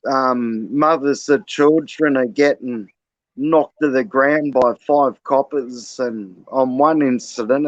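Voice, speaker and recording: An Australian man hosts a casual livestream chat, speaking at a medium pitch in a slangy, conspiratorial way. The audio is dull and lo-fi, with no echo.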